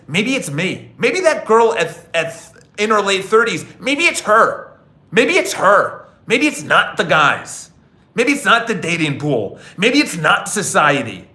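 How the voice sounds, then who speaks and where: A man hosts a podcast with a high, bright voice, lecturing bluntly and preachily. He repeats words and keeps asking "okay?" to drive his points home. The room around him sounds echoey. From New York City. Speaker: podcast host. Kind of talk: casual motivational monologue.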